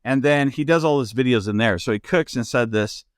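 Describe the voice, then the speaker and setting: A man's voice: medium pitch, a little fast, clear, resonant tone, no echo, studio quality. A man hosting a podcast in casual chat, rambling with lots of restarts and fillers, from the United States. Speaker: podcast host.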